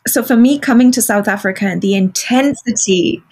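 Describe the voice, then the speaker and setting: A woman's voice: a little high, darkish tone, breathy edge. Reflective woman interviewer. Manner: reflective, pausing. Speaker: interviewer, podcast host.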